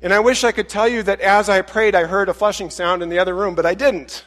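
A man preaching a sermon as a pastor, telling a self-deprecating everyday anecdote in an animated way, with frequent restarts. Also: sits high, fairly quick, big-room sound. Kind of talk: storytelling sermon.

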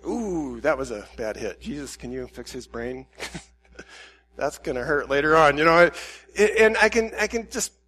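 A man's voice: a little high, animated, moderate pace, pushed and bright. Candid self-questioning male preacher. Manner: candid, self-questioning, with quoted inner dialogue. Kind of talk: reflective sermon.

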